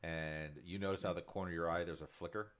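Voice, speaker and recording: Deep-voiced male game master, narrates scenes in detail with lots of ums, low and steady. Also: fast, slight background noise. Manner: descriptive, filler-heavy.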